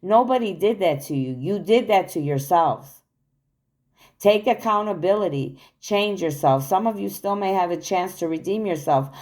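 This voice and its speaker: A woman's voice: fairly low pitch, lively intonation, normal speed, darkish tone. A woman giving an earnest, accusatory spiritual monologue to her viewers, recorded on a phone. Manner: earnest, accusatory, repetitive declarations. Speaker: spiritual channel host.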